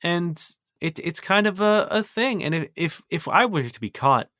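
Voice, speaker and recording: A motherly halfling cook with a lifted, swooping voice fusses and soothes in a tabletop game. A man puts her on, pitching well above his own voice. The sound is close and completely dry. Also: animated, moderate pace, fairly bright tone, dry recording. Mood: flustered. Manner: fussing, apologetic, soothing. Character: flustered kind halfling woman cook, motherly.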